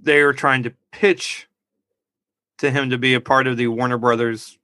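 Casual podcaster, male, bright and forceful delivery, dry close mic, giggles through his own stories. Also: mid-range voice, steady tone, normal speed, no echo. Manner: laughs at his own jokes, rambling. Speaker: podcast co-host. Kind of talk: casual movie review chat.

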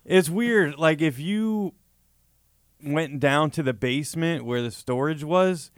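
A man's voice: on the high side, slow, no room sound, clean studio sound. A man chatting casually and easily, laughing between phrases. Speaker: guest. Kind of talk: casual chat.

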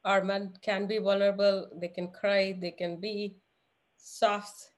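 A woman's voice: medium pitch, flat delivery, unhurried. A woman hosting a podcast interview, asking earnest, probing questions. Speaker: podcast host.

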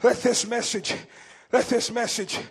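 A fervent preacher, a man from East Tennessee whose voice sits unusually high for a man. His tone has a gravelly edge. He shouts passages, then drops to a low, intense register. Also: flat delivery, a little slow. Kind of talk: sermon.

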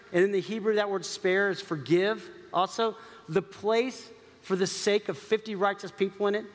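Man preaching a sermon, high voice, conversational asides, long reverb. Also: fairly bright tone. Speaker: pastor.

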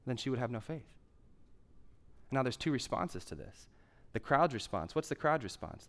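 A man's voice: medium pitch, lively intonation, moderate pace, fairly bright tone. Conversational young man preaching. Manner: conversational preaching with emphatic repetition. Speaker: pastor. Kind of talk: sermon.

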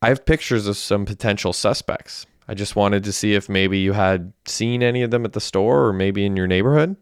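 A man's voice: lowish voice, a little fast, clear, resonant tone, no echo, studio quality, close to an everyday voice. A man voicing a composed, polite female police officer.

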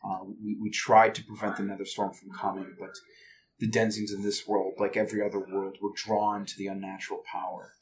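A man voicing a dying old male wizard who speaks in a slow, hushed, halting farewell. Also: fairly low pitch, monotone, pitched below the performer's own voice, natural voice. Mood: solemn. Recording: distant mic, faint background noise.

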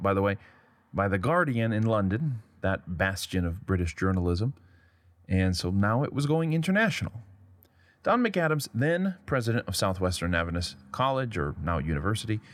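A man's voice: lowish voice, no echo, studio quality. A man hosting a history podcast, narrating in a wry, conversational way and reading quotes aloud. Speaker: podcast host.

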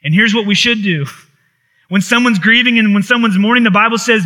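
Bright-voiced, high-pitched male preacher. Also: fairly even intonation, brisk. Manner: impassioned preaching with rising intensity and repetition. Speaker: pastor. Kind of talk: sermon.

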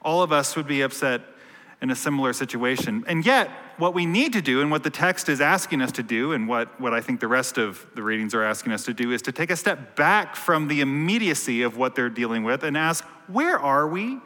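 A man's voice: mid-range voice, fairly quick, sharp tone. A man preaching a casual, joking sermon, telling stories with quoted asides, as a priest in a church. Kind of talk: conversational sermon. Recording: long church reverb.

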